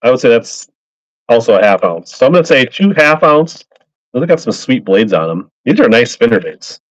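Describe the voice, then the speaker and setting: A man's voice: mid-range voice, very animated, moderate pace, no echo. Man, live-selling chat, upbeat and rambling, dry close sound, slightly muffled stream audio. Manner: upbeat, rambling, greets buyers by name. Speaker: live auction seller of fishing lures.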